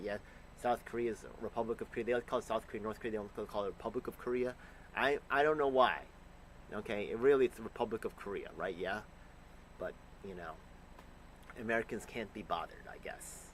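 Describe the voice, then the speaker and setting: A man angrily reacting to a news clip, ranting and swearing with sudden loud bursts. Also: fairly low pitch, slight background noise, low-quality recording. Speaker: commentator reacting to news clips. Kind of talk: profane reaction commentary.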